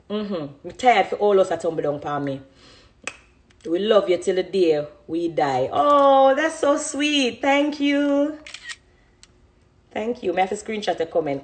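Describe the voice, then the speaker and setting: A Jamaican woman in her thirties chatting casually on a phone live stream, reading out comments from viewers. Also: lowish voice. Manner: chatty, reads out comments, animated.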